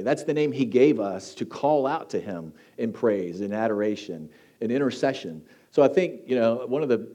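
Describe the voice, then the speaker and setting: Man preaching a casual sermon, mellow voice. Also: fairly low pitch. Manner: conversational, joking, frequent fillers and restarts. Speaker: teaching team preacher. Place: church hall with congregation.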